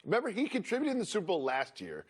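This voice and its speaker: A man's voice: sits high, huge pitch swings, very fast, breathy edge. A man reading a sports news update and putting questions to the hosts. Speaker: news segment presenter.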